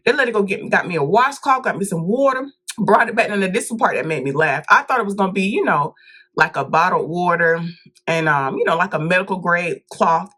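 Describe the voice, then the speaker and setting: Animated woman telling a funny story. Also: mid-range voice, fairly quick. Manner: animated, dramatic retelling with acted-out quotes; addresses viewers directly as "y'all" and "baby". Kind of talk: casual storytime monologue.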